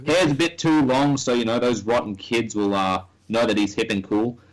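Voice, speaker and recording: A man's voice: medium pitch, fairly even intonation, normal speed, poor audio. A man co-hosting a comedic chat, throwing in dry, wisecracking asides. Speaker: co-host.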